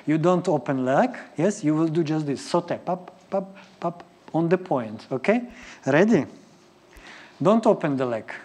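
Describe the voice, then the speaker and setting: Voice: mid-range voice, lively intonation, moderate pace, darkish tone, slight background noise. A ballet teacher leading a live class, counting and scatting rhythms in choppy English. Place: ballet studio. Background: piano music.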